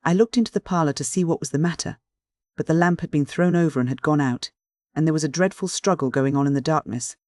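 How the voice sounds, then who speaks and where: An audiobook reader voicing a frightened, hysterical young housemaid in a high, tearful voice. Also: quick pace, darkish tone, dry recording, natural voice. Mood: frightened, sobbing.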